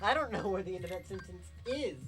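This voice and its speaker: Woman, guest co-host, rambling stories, deadpan teasing, faint game music. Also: mid-range voice, quick pace, slightly rough. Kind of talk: casual let's-play banter.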